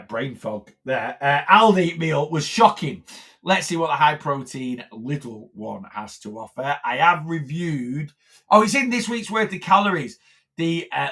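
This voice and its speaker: Chatty man with a gravelly voice. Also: fairly high pitch, a bit bright. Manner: rambling, chatty, with frequent fillers and restarts. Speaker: weight loss coach. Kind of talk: casual live stream chat.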